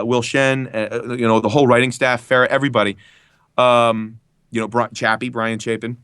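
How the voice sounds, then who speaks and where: A voice actor from Philadelphia tells stories in a podcast, laughing often and jumping into asides. His tone is bright and forceful, recorded very dry and close. His speech is mostly standard American. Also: medium pitch, dry recording. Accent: trained-out Philadelphia, standard American Midwestern style. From Philadelphia area. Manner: animated storyteller, laughs often, quick asides. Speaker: guest voice actor. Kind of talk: casual podcast chat.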